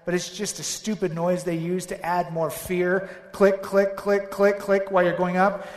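High-voiced animated male preacher, echoey hall. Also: normal speed. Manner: animated, acts out both sides of dialogues. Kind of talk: sermon storytelling. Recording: echoey hall with long reverb.

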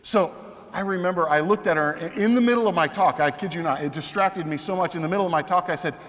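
A man giving a personal testimony talk as a Catholic speaker, telling his story with animated, self-deprecating humor. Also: high voice, fast. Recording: long hall reverb.

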